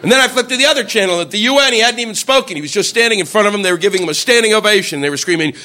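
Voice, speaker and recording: A male stand-up comedian ranting profanely through a routine and shouting out mocking quotes. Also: sits high, racing, few pauses, slight background noise.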